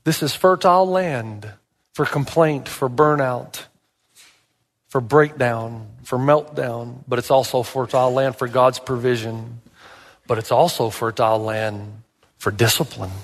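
A man's voice: medium pitch, a little slow, long reverb tail. A male pastor preaching a sermon, telling stories with animation and asking emphatic rhetorical questions.

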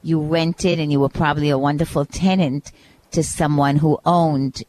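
A woman with a notably low voice co-hosting a radio talk show. She sounds friendly and encouraging as she asks clear questions, with faint noise behind her. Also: steady tone, normal speed, a little mellow. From Brooklyn. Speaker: co-host.

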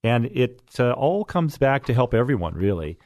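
A man's voice: mid-range voice, very animated, normal speed, darkish tone, no room sound, studio quality. Chatty middle-aged man hosting radio. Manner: folksy and chatty, with many fillers. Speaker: radio real estate show host. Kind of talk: casual radio talk show chat. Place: radio studio.

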